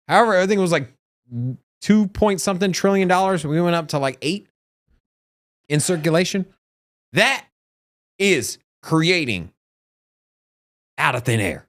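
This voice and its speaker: High-voiced man greeting stream chat, dry sound. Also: sing-song, moderate pace, pauses often, no room sound. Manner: laid-back, teasing, laughs often. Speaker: co-host of a crypto livestream. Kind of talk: casual livestream chat.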